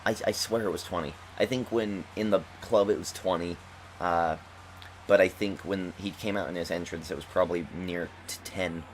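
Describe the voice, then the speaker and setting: A young man with a deep, low voice talks through a wrestling game in a loose, rambling way, sounding like he has just woken up. He gushes like a fan and backtracks often. There is faint noise behind him. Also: fairly even intonation, moderate pace. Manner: rambling, chatty, enthusiastic fan talk. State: just woke up. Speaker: gaming commentator. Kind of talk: casual commentary over gameplay. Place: at home.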